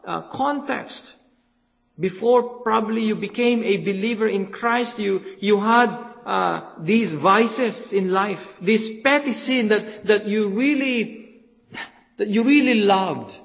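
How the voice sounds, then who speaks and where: Male preacher, slow and deliberate, repeats words for emphasis; sermon in a church hall. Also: high voice, vocal fry, fairly bright tone. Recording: long hall reverb.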